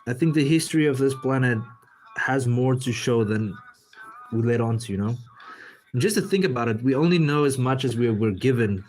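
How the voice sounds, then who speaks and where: A man's voice: medium pitch, normal speed, darkish tone, soft background music. A man streaming as an artist, chatting casually and rambling while he draws. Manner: rambling, easygoing, talks while working. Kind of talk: casual livestream chat.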